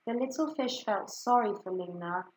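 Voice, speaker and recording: A woman reading a children's picture book aloud, slow and expressive. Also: medium pitch. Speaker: story reader. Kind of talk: children's story read-aloud. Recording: echoey room.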